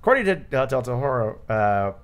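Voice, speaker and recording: A man's voice: mid-range voice, very animated, moderate pace. A man hosting a casual movie commentary podcast, rambling with lots of fillers and frequent laughs. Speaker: podcast host.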